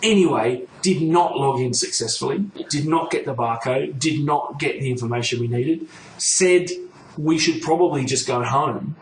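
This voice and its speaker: A man's voice: medium pitch, normal speed. A man hosting a podcast, telling a story casually and swearing freely. He acts out both sides of the conversation he recounts. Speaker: podcast host. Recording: roomy echo with faint noise.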